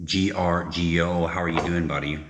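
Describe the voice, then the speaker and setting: A man's voice: low-pitched, steady tone, moderate pace, a bit bright. A man hosting a casual live stream from home, chatting loosely with viewers, joking and swearing freely, picked up without a proper microphone. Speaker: livestream host. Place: echoey room at home, kitchen. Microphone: no proper microphone, device mic. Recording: echoey room, faint noise.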